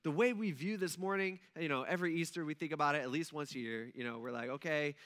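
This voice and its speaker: Male pastor, casual sermon delivery, high voice, bright timbre, acts out scenes. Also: fast, smooth.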